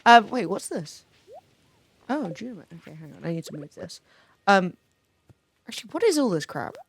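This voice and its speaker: A woman's voice: mid-range voice, very animated, moderate pace, vocal fry, slight background noise. A young woman streaming a farming game, talking casually with chat, swearing freely and reading comments aloud.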